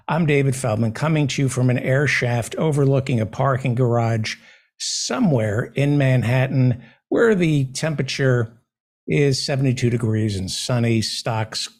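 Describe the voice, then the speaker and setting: A man hosting a live talk show, delivering a sarcastic monologue that swings from loud outbursts to muttered asides. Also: mid-range voice, husky. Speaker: podcast host. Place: small room overlooking an air shaft.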